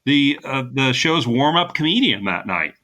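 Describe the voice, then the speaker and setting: A man's voice: mid-range voice, big pitch swings, moderate pace, bright, forceful tone. A man co-hosting a casual podcast, chatting with plenty of fillers and easy laughs. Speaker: podcast co-host.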